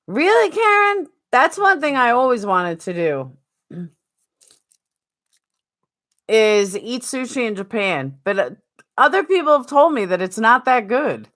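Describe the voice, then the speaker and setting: Woman, New York accent, live-stream chat, unhurried, very lively pitch. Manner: chatty, answers viewers by name. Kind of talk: casual live-stream chat, reading viewer comments.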